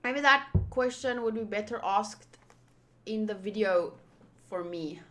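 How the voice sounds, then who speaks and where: A woman's voice: medium pitch, unhurried, sharp tone. A young woman reading a comic aloud with playful, chatty commentary. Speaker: manga reader YouTuber.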